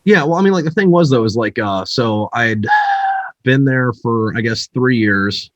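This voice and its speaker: A man's voice: medium pitch, normal speed, dull audio, a little hiss or hum. A man speaking as a podcast guest and author, rambling and profane with lots of fillers. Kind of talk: casual podcast chat.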